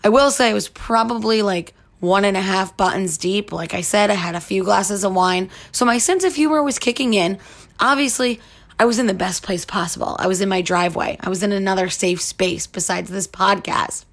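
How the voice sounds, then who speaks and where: Young woman podcaster rambling thru a story, lots of likes and you knows, bit of vocal fry. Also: mid-range voice, brisk. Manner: chatty and candid, many likes and you-knows. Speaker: podcast host. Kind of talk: casual storytelling monologue.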